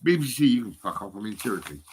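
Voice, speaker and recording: A man's voice: on the low side, sing-song, fast talker, slight background noise. A man in his fifties rambling and swearing into his phone, laughing often. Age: 50s. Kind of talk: rambling phone vlog monologue.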